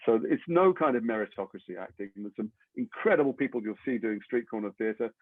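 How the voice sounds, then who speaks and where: An English actor being interviewed, telling long rambling anecdotes with self-deprecating humor. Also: male voice, fairly low pitch, expressive, quick pace, no echo. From England. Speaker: actor guest. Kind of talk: interview storytelling. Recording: tinny phone-like line, dry.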